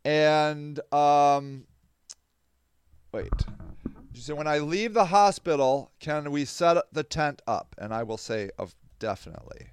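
A man's voice: fairly high pitch, slow pace, clear, resonant tone. A man hosting a podcast, reading news aloud and commenting on it in a casual, emphatic way. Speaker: podcast host.

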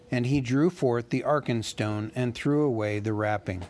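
A man reading a novel aloud in a steady, measured way. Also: medium pitch. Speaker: reader.

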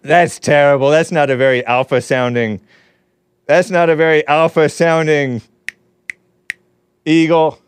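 A male show host chats loosely to his viewers, reading their comments and breaking into laughter. His voice is smooth and resonant, and the sound is dry with no room echo. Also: a little high, normal speed. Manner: rambling, laughs often between comments. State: losing his voice. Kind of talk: casual solo chat reading viewer comments.

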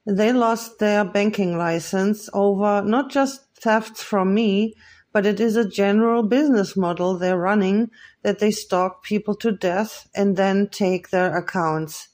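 A podcast host talking alone into the mic in a solo monologue. The voice sits in an ordinary middle pitch. The delivery is earnest and accusing, broken up by hesitant fillers. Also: measured pace, a little mellow.

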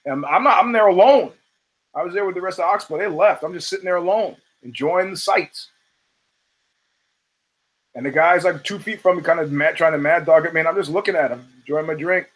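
A man from the United States hosts a casual monologue, swearing freely and acting out the voices in his stories. His voice sits a little higher than most men's, and he talks with animated energy. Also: fairly quick, rough recording. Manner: profane, animated storyteller who acts out quotes. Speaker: show host.

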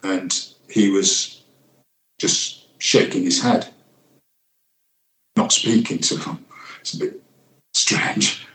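Older ex-detective recalling, echoey room. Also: male voice, low-pitched. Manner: reflective, halting with fillers, reenacts quotes. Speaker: retired senior detective. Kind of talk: interview recollection.

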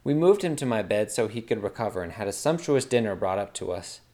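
A man's voice: lowish voice, animated, fast talker, warm tone. A man narrating a comic fantasy story in a wry, dramatic storytelling manner.

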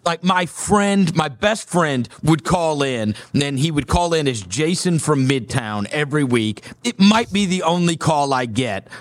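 A man telling a story in casual conversation as a guest, animated, acting out what people said, with lots of fillers. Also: fairly high pitch, measured pace, few pauses, no room sound. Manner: animated, acts out quoted dialogue, many fillers like "like" and "whatever".

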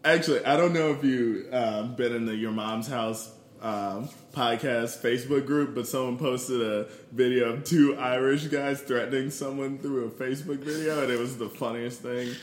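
A mid-pitched man co-hosting a relaxed podcast chat in an echoey room. He is easygoing, drops dry jokes and laughs along with his co-host. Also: moderate pace, slight background noise. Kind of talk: casual chat.

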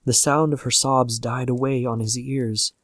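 A man narrating a classic horror story aloud with measured, steady storytelling. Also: medium pitch, no echo.

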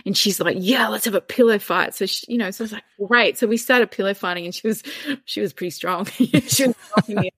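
A woman's voice: mid-range voice, fast talker, slightly rough, no room sound, clean studio sound. A woman in her forties, a parent speaking as a podcast guest, telling stories in a casual way and laughing often. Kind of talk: casual conversational storytelling.

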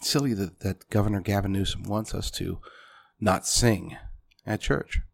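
A man's voice: on the low side, unhurried, gravelly. A man delivering a punchy political commentary monologue, speaking directly to his listeners as folks.

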